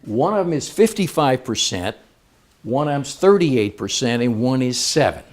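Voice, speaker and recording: A man's voice: medium pitch, big pitch swings, normal speed, darkish tone. A man speaking to a live seminar audience, playful and engaging, asking the crowd questions as he goes.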